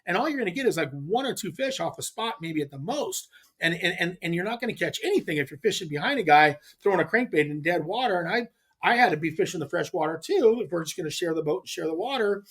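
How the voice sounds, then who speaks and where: A middle-aged man from California, a podcast guest telling a fishing story in a casual, animated way with frequent restarts. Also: high voice, fast, breathy edge. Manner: animated, acts out others' lines, frequent restarts. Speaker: podcast guest, pro angler.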